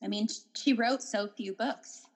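A woman co-hosting a casual book podcast, bantering in a relaxed, playful way. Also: on the high side, unhurried, husky. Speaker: podcast co-host. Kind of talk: casual book-club chat.

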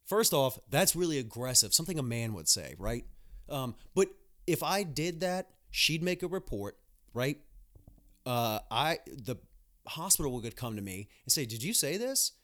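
Young male podcast host, mid-pitch, casual monologue, crude and blunt. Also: animated, measured pace, fairly bright tone. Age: young adult. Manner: blunt, profane ranting with mocking asides.

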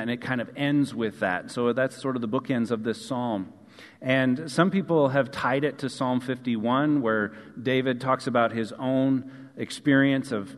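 Male pastor, steady middle register, earnest sermon delivery with repeated phrases, recorded in a reverberant sanctuary. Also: mid-range voice. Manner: earnest, repeats key phrases, drops soft on endings. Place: church sanctuary. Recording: long hall reverb.

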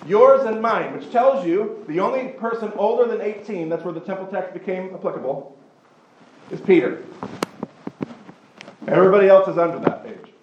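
A man with a high voice teaches a Bible class to a live group. He is animated and conversational, slipping into quick voices of other people as he explains. The room is echoey, with steady noise behind him. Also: lo-fi sound.

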